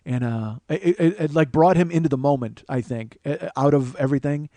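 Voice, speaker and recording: A man in his forties, a podcast host, telling a profane, animated comedic story. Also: fairly high pitch, a little fast, dry recording. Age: 40s. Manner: profane, animated, restarts often.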